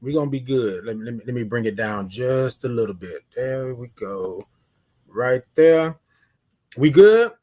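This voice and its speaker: A man's voice: medium pitch, lively intonation, warm tone. A man hosting a casual morning livestream, greeting viewers by name and drawing out his good mornings. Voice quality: drawn-out sung greetings. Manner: greets viewers by name, repeats phrases, calls out to chat. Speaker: livestream host. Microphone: phone camera.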